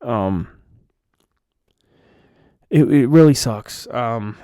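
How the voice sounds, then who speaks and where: A man's voice: mid-range voice, animated, very slow, mellow, dry recording, studio quality. A man giving a frustrated, profane, rambling rant as a sports fan vlogger. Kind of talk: ranting fan commentary.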